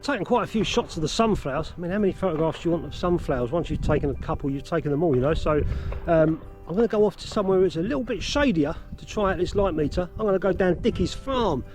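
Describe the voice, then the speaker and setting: A man's voice: high-pitched, lively intonation, fast, hardly any pauses, a little mellow, soft background music. A man vlogging casually outdoors in fields about film photography, chatty and self-deprecating, out of breath from cycling. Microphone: action camera.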